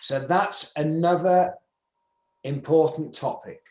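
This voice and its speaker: An older man with a northern English accent gives an emphatic conference presentation, his voice sitting a touch high. He acts out little sample conversations as he goes. The sound is roomy and echoey. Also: slow pace, a little mellow. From England, Manchester. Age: 70s. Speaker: business skills speaker. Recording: roomy echo.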